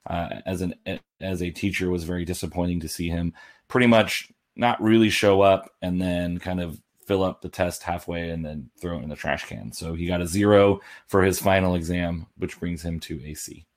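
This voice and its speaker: A man co-hosting a casual sports podcast over a call, measured and earnest, filling with um and you know. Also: low-pitched, steady tone. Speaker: podcast co-host.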